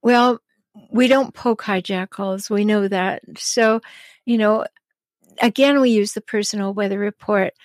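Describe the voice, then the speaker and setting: A woman hosting an advice podcast, answering listener questions in a calm, chatty way with frequent ums and small laughs. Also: medium pitch, measured pace, no echo. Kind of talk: advice talk show.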